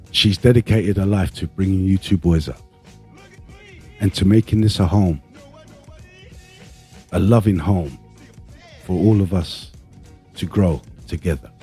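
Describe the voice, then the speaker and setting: A man playing a solemn dad addressing his two boys, his voice dropped well below its usual pitch. He speaks slowly and gravely, drawing out each phrase, with a husky edge. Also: warm tone, heavily acted. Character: solemn father lecturing his two sons.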